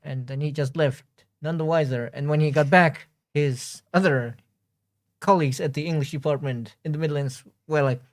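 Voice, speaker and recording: A man's voice: on the high side, normal speed. Hesitant man telling a story. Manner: hesitant, repeats words, storytelling. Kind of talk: casual anecdote telling.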